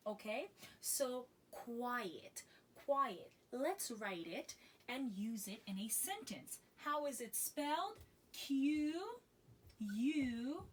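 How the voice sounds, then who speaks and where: Young woman teaching english words, spells everything out and repeats it, super slow, high bouncy voice. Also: animated, slight background noise. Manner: spells words out and repeats them, checks in with "okay?". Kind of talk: slow, deliberate English lesson.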